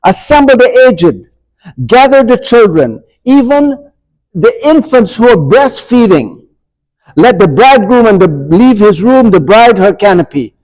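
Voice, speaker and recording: A man's voice: sits high, big pitch swings, a little slow, a little mellow, poor audio. A man leading an informal church adult forum, asking the group questions and acting out scripture dialogue with humor. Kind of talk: informal Bible class teaching. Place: church room.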